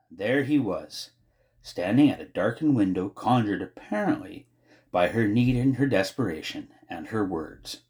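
A man narrating an audiobook in an expressive, measured storytelling manner. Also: on the low side.

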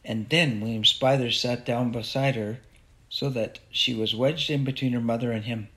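A man narrating a children's novel aloud in an expressive, unhurried way. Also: medium pitch. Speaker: audiobook narrator. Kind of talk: storybook narration.

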